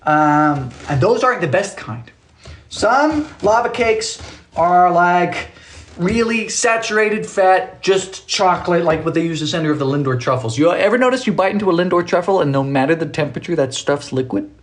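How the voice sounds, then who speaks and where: A man's voice: high voice, lively intonation, moderate pace. A man hosting a live baking stream from his small home kitchen, chatting casually, joking and thanking viewers by name. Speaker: baking livestream host.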